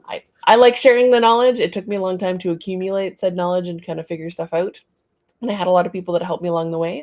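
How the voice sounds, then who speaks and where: A middle-aged woman with a slightly low voice rambles in relaxed, chatty livestream talk. She hosts her studio stream, greeting viewers and wandering from thought to thought. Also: gravelly. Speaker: artist hosting a studio livestream. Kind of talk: casual livestream chat.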